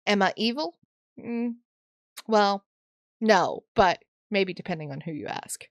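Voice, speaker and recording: A woman's voice: medium pitch, lively intonation, a little slow, no echo, studio quality. Playful, laughing woman podcaster. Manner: playful, self-mocking, laughs often. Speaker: podcast co-host. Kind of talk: casual chat.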